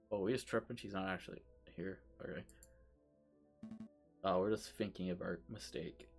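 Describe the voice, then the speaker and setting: A man streaming a story game, reacting aloud in an animated way and often laughing. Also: sits low, normal speed, long pauses, faint music behind. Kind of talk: live game playthrough, reading and reacting.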